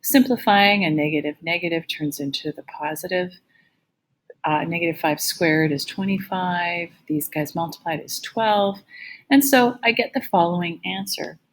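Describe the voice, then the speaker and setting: A woman math teacher giving a recorded lecture with a slightly gravelly voice, explaining each step patiently. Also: on the low side, moderate pace, poor audio.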